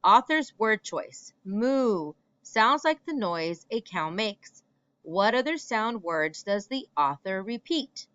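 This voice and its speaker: A woman's voice: mid-range voice, big pitch swings, slow pace, fairly bright tone, clean tone, no room sound, lo-fi sound. A woman teacher reading a picture book aloud at home, telling the story expressively and stopping for comprehension questions.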